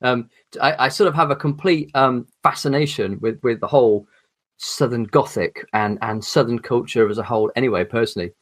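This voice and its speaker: English male guest, articulate but halting, mid pitch. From England. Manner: articulate, hesitant with many ums and restarts. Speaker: podcast guest, horror author. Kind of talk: casual chat.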